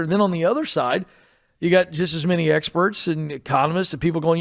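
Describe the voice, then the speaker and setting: A man's voice: a little high, quick pace, vocal fry. A man hosting a money radio show, talking in a joking, conversational way. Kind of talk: call-in radio banter.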